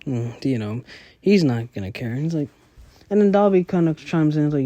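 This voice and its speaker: A man's voice: on the high side, lively intonation, moderate pace, dark tone, dry recording, highs cut off. A man casually retelling a story in a rambling way, filling his talk with "like" and "you know" and slang. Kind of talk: casual spoken recap.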